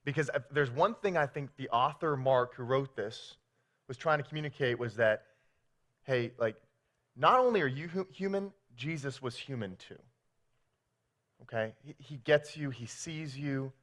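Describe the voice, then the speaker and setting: A man's voice: medium pitch, moderate pace, a bit bright. A man preaching a sermon as pastor, telling stories with playful acted quotes.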